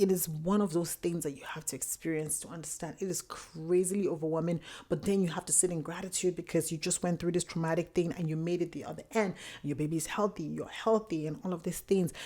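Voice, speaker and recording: Low-voiced woman podcast host. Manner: candid, animated storytelling with acted-out quotes. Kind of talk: personal solo podcast talk.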